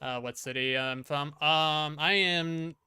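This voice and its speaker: A man's voice: a little high, takes it slowly, sharp tone, clean tone, no room sound. A man streaming a horror game, chatting casually with his viewers in a rambling way. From Detroit, Michigan. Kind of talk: casual gameplay commentary.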